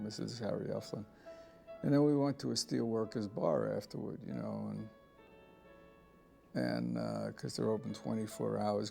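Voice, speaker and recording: A film director in an interview, telling rambling, blunt anecdotes with some profanity. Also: male voice, medium pitch, creaky, darkish tone. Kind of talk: interview storytelling.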